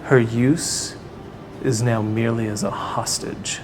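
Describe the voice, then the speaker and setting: A man's voice: medium pitch, takes it slowly, noisy background. A man doing a cold, menacing hostage-taker. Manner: cold, flat threats.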